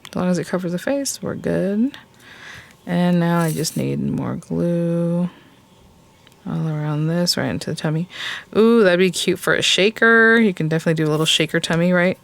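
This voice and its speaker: A woman's voice: lowish voice, moderate pace, creaky. A woman hosting a crafting tutorial, talking casually as she works. She thinks aloud step by step in an easy, chatty way and gushes over the cute little details. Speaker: crafting channel host.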